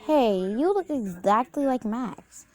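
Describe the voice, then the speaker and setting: An excitable girl camper, as a woman puts her on, with a raised, eager voice. Her tone stays soft and mellow. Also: on the high side, slow pace, pitched above the performer's own voice. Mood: excited.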